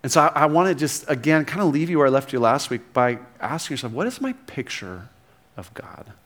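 A man preaching a sermon in a conversational way, quoting scripture with animated emphasis and frequent restarts. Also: mid-range voice, brisk. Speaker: pastor.

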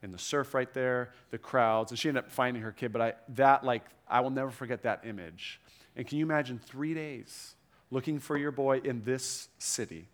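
A man's voice: medium pitch, moderate pace. A middle-aged man preaching a sermon to a room, conversational, with frequent asides and restarts. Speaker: pastor.

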